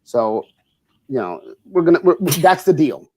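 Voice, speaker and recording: A man's voice: a little high, sing-song, measured pace, darkish tone. A middle-aged man co-hosting a casual chat show, rambling and teasing like a big brother. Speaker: co-host.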